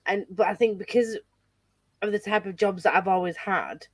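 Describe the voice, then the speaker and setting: A woman with a Yorkshire accent chatting casually with friends, laughing often and talking in quick bursts. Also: medium pitch, no echo. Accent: Yorkshire English. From Yorkshire, England. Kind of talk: casual group chat on a livestream.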